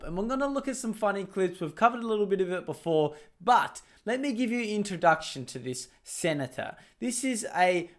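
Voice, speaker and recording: An Australian man hosting a commentary video, talking casually and mockingly over clips. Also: high-pitched. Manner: mocking, sarcastic, laughs at clips. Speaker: political commentary host.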